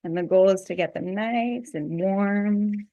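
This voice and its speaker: A woman leading a guided breathing and self-massage meditation as the teacher, speaking softly and gently, and laughing easily at her own slips. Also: medium pitch, a little slow, muffled recording. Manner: soft, gently guiding, laughs at herself.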